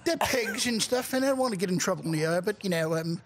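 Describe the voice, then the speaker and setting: A man's voice: sits high, lively intonation, fast talker, a little hiss or hum. A man putting on a rowdy fake English bloke. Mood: blustering. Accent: exaggerated put-on English accent. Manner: over-the-top, blustering. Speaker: radio show regular.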